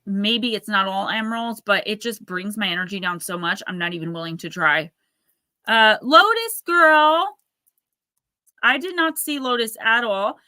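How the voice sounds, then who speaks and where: A woman's voice: medium pitch, expressive, fairly quick, few pauses, bright, forceful tone, dry recording. A woman in her thirties hosting a casual livestream, rambling and chatty as she reads out viewer comments. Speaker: livestream host.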